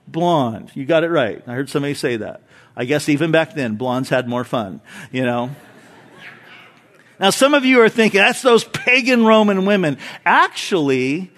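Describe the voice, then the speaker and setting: A male pastor delivers a sermon to his congregation in a fairly high voice. His pitch swings widely as he stresses points and drops into quiet asides. He tosses in light jokes between points. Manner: animated, emphatic, jokes with the congregation. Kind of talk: expository sermon.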